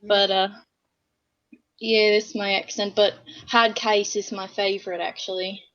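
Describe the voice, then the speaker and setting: A giggly woman guest on a casual podcast, hesitant and filling her talk with ums. Her pitch sits mid-range and the audio is a little dull and lo-fi. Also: level tone, measured pace, fairly bright tone.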